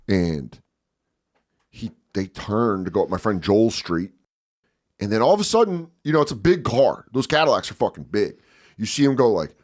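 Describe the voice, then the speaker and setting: A man in his forties telling a story casually as a podcast guest, profane and animated, acting out voices loudly. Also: low-pitched, brisk.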